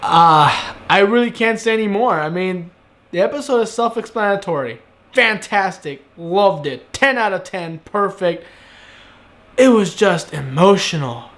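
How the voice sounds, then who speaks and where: A man gushing in a casual video review of an anime episode, excitable, swearing freely, and trailing off into fillers. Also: high voice, unhurried.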